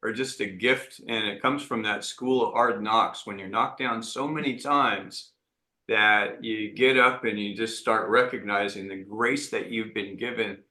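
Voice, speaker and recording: Speaking at a measured pace in an echoey room, a man with a lowish, sharp-toned voice reflects earnestly as an entrepreneur guest in an interview. He often restarts his sentences.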